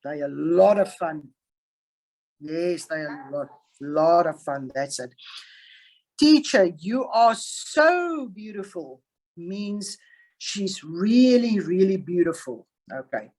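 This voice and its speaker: Woman teacher, online grammar class, slow and patient, leans on example sentences, video-call sound. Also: low-pitched, dark tone, rough recording. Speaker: English teacher.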